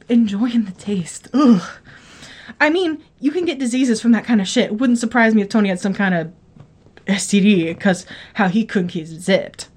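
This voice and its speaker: A woman with a high, bright-pitched voice reads a first-person story aloud. She delivers it in a chatty, gossipy manner, leaning into the drama of each line. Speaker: guest story reader.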